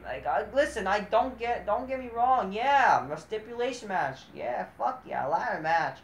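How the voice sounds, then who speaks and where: A woman's voice: medium pitch, animated, normal speed, few pauses. Sarcastic, swearing woman ranting in a roomy space. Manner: sarcastic, mocking, swears constantly. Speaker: wrestling show reviewer. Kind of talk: profane ranting review.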